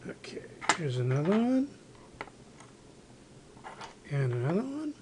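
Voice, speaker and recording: A man's voice: fairly high pitch, big pitch swings, slow, noisy background. Rambling man showing off his collection. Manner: rambling, with many fillers and restarts. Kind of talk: casual show-and-tell narration. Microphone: handheld camera microphone.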